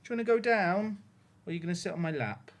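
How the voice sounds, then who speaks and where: A man's voice: high-pitched, lively intonation, quick pace. A man on a headset mic, talking to his livestream chat while cooing to his dog in baby talk. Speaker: game streamer.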